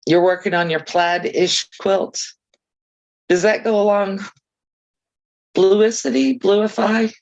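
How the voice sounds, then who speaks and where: A woman hosting a casual crafting livestream, talking to viewers at a mid pitch. Her voice has a gravelly, fry-laden edge. She chats chirpily, reads out viewers' comments and pokes fun at herself. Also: steady tone, slow pace, pauses often, a little mellow, muffled recording. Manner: chatty, chirpy, self-deprecating asides.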